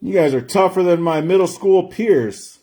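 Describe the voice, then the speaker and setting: A man with a fairly high voice hosts a live card break stream. He chats in a loose, rambling way and stretches out each player's name as he reveals it. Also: normal speed, dark tone, slightly rough. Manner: chatty, rambling, drawls out player names while opening packs.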